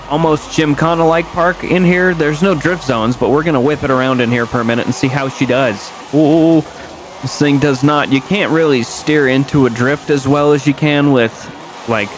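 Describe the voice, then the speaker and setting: A young man giving casual, rambling commentary over a car video game, correcting himself often and jumping up in pitch when something surprises him. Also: moderate pace, noisy background. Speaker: gaming YouTuber.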